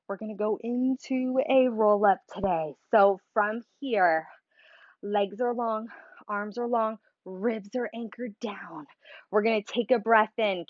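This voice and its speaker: A woman's voice: on the high side, no room sound, lo-fi sound. A woman leading a Pilates workout, cueing breaths and moves in an upbeat, encouraging, playful way. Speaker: Pilates instructor. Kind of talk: guided workout instruction.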